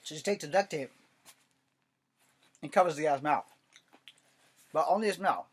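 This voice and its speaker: A man's voice: on the high side, moderate pace, husky. Rambling, profane man recapping his story. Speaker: writer and channel host. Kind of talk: casual storytelling vlog.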